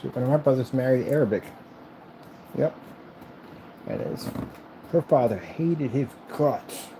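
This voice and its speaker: A man's voice: mid-range voice, lively intonation, unhurried, pauses often, noisy background. A man vlogging as he builds a computer, chatting casually in a rambling, repetitive and enthusiastic way. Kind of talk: casual chat while building.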